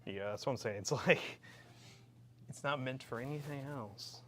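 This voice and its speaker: A man talking casually as he hosts a live build stream. He keeps up loose, offhand banter and jokes. His voice sits at an ordinary middle pitch. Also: moderate pace, a little hiss or hum. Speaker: livestream host building a PC. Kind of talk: casual livestream chat while building.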